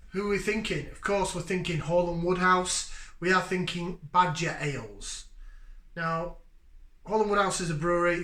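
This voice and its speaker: A man chats through a casual beer review at home, joking and breaking into lively bursts of enthusiasm. His voice sits a little high and rings bright and forceful. The room around him is noticeably echoey. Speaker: beer review channel host.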